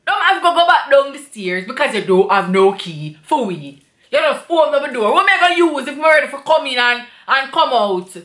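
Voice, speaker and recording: A woman with a Jamaican accent, vlogging an animated, indignant storytime review in patois. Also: high voice, a little fast, reverberant.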